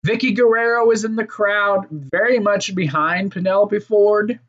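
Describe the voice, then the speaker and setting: Reviewing a wrestling show on his own, a man speaks at a measured pace in a high, fairly bright voice, cursing freely and drifting into fillers and restarts as he rambles. The recording's high frequencies are cut off.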